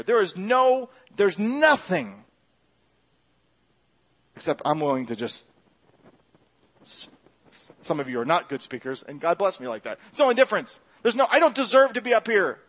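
A man preaches to his church in an easy, conversational way, often restarting his sentences and poking fun at himself. His voice sits high for a man. The recording sounds somewhat dull and lo-fi. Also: big pitch swings, moderate pace, fairly bright tone. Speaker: pastor. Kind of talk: sermon. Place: church sanctuary.

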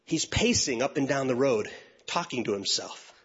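A man, a youth pastor and speaker, telling a funny story in an animated way and acting out each person's voice. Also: mid-range voice, moderate pace, slightly rough. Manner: animated, acts out every voice. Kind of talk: comic storytelling talk. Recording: dull lo-fi recording.

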